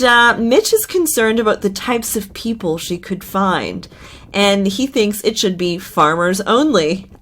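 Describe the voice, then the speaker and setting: A woman's voice: mid-range voice, fairly bright tone. A woman hosting a casual recap channel, chatty and gossipy with sarcastic asides. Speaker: reality TV recap host.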